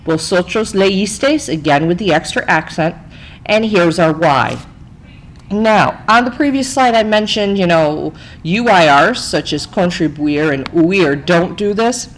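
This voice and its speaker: A woman teacher narrates a recorded slide lesson in a chatty, step-by-step way. Her pitch sits a touch low but moves around a lot. A faint hum of room noise sits under her voice. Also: unhurried, rough recording. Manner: lively, chatty, explains step by step with frequent "okay?". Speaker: Spanish teacher.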